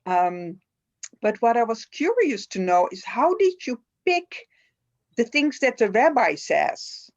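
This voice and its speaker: A woman audience member on a video call, asking an author questions eagerly and haltingly. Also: a little high, sing-song. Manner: enthusiastic, halting, with many restarts. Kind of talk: conversational Q&A. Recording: dull, muffled video-call audio.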